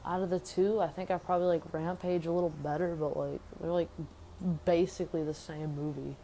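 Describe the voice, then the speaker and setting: A young woman with a low, mellow voice rants about movies she disliked. She talks in a loose, rambling way, piling up "like" and slipping into mocking impressions with sarcasm. A faint hiss of noise sits under her voice. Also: steady tone, a little fast, rough recording. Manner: mocks movie characters in exaggerated voices. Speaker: movie reviewer. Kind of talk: casual movie review rant.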